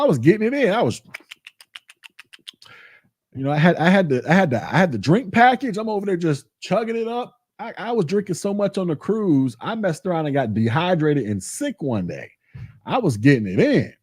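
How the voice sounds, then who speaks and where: A man hosting a casual vlog, telling stories in a colloquial way that is animated and full of repetition. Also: on the high side, no echo, studio quality. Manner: animated storytelling, colloquial, repeats himself. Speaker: tech channel host.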